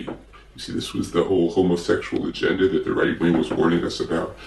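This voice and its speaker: A man's voice: sits low, level tone, fairly quick, gravelly, darkish tone, echoey room, recorded from a distance, slight background noise. A man telling a comic story in a meandering way, full of fillers and self-corrections. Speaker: comedic storyteller.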